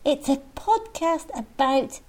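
Woman, podcast host, playful, jokey, high voice, lively swoops. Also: takes it slowly. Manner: playful, jokey, laughs often. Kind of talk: casual chat.

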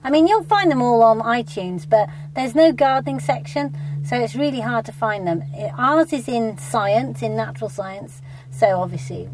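Chatty British woman, bright and high. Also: animated, background noise. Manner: chatty, bubbly, quick asides. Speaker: podcast co-host. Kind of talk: casual chat.

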